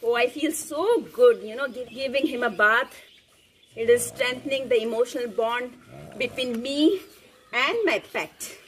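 A woman's voice: on the high side, unhurried, a little hiss or hum. A middle-aged woman chatting fondly in a casual home video, outdoors at home, filmed on a phone held by her daughter. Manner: fond, chatty, coos to the dog. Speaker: dog owner and mother. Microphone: phone camera held by her daughter.

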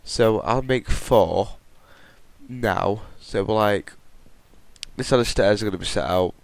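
Male gamer, low and unhurried, muttering and self-correcting, dry close mic. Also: creaky, no room sound. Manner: rambling, self-correcting, talks to himself while building. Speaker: Minecraft let's play host. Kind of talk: casual gameplay commentary.

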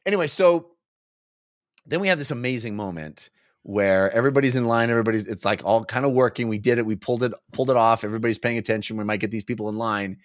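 A man's voice: mid-range voice, fast. A man co-hosting a casual book-club podcast, talking animatedly and slipping into playful voices. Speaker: podcast co-host.

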